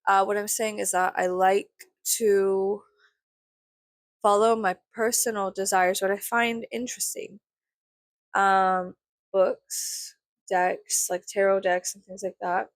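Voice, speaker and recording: A woman's voice: medium pitch, fairly even intonation, slow pace, no echo. A young woman from South Texas chatting casually to camera, rambling with lots of "like" and swearing freely. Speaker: vlogger.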